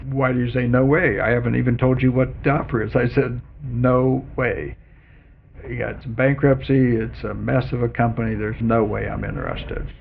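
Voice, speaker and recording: An older man tells stories in an oral-history interview, his voice gravelly and full of fry. He slips in the other people's lines as he goes. The sound is narrow and phone-like, with a faint hiss behind him. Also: fairly low pitch. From Canada and Colorado. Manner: animated storyteller who quotes other people in dialogue. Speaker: interviewee, former chief executive.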